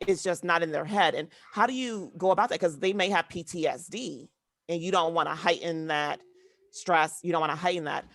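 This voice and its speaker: A woman asking a question on a call, halting and searching for her words. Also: sits low, no echo.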